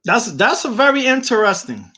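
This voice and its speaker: Animated slangy man hosting a livestream. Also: very high voice, moderate pace, slightly rough. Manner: animated storytelling with slangy, repetitive speech. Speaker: livestream host. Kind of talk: casual livestream chat.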